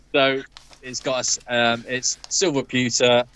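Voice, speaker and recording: A man's voice: mid-range voice, level tone, slow pace, fairly bright tone, poor audio. An Englishman co-hosting a livestream in casual chat, enthusiastically describing things in lavish terms. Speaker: livestream co-host.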